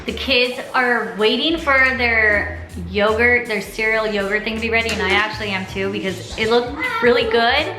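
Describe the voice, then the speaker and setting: A woman's voice: fairly high pitch, moderate pace, few pauses, bright, forceful tone. A woman chatting to her viewers in an upbeat, casual way as she cooks at home. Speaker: vlogger. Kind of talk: casual cooking vlog. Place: home kitchen and backyard grill.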